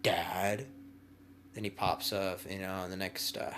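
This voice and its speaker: Deep-voiced young man telling crude stories. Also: little pitch movement, moderate pace, a bit bright, a little hiss or hum. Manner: crude, slangy, rambling. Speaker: vlogger. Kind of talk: comedic storytelling.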